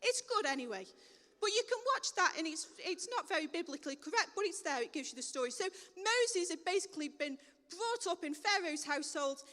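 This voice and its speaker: A woman's voice: very high voice, pushed and bright. A woman preaching a sermon in a conversational, plain-spoken way, recorded in a church hall with long reverb.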